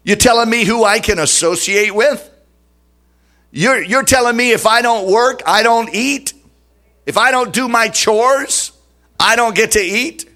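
A man's voice: high voice, very animated, slow pace, pushed and bright, full character voice. A man voicing an offended modern churchgoer who huffs and fires back incredulous, mocking questions. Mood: indignant.

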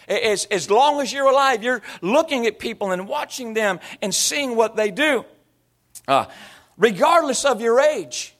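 Male pastor, 30s-40s, high-pitched voice; conversational sermon full of anecdotes and mimicry. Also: a bit bright. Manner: storytelling, slipping into imitated voices and accents.

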